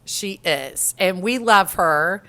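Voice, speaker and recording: A woman's voice: fairly low pitch, lively intonation, slow, bright, forceful tone. A middle-aged woman chatting on a podcast, her voice leaping up and down as she tells a story. She laughs easily and talks with bubbly animation. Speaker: podcast co-host. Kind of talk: casual chat.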